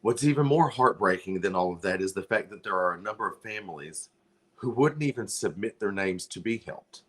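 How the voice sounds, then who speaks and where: Near tears, a male livestream host pleads earnestly for charity donations. His voice is on the low side, expressive, and fairly quick.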